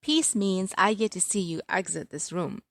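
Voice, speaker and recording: A woman's voice: medium pitch, animated, normal speed, no echo, lightly acted. A woman voicing a studious young man who is dry, sardonic and easily exasperated. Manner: sardonic, clipped.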